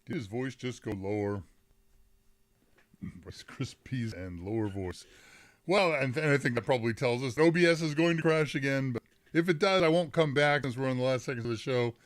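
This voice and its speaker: A man's voice: mid-range voice, fast. A middle-aged man hosts a live tech Q&A stream from his desk microphone. He chats casually and rambles, often breaking off mid-sentence to restart. He reads the viewers' chat aloud and laughs as he goes.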